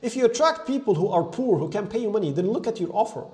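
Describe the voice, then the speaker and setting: A man's voice: high-pitched, animated, fast, warm tone. A young man coaching on business, talking energetically and emphatically, dropping "like" and "right?" all through. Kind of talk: motivational business talk to camera.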